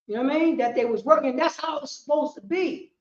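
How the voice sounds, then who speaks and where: A woman teaching a history class, lecturing emphatically, repeating herself and rising to shouts. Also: high voice, quick pace. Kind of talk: street-preaching lecture. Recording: roomy, dull lo-fi sound.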